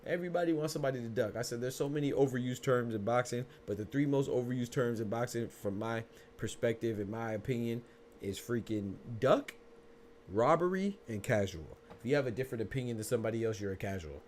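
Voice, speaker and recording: A man's voice: mid-range voice, fast talker, a little mellow, slight background noise. A man hosting a boxing podcast in casual, slangy livestream talk, speaking to viewers in chat.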